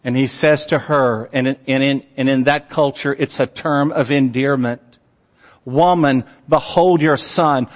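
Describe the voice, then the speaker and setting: A man preaching a sermon in a slow, earnest manner, letting his phrase endings fall soft and low. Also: steady tone. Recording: long hall reverb.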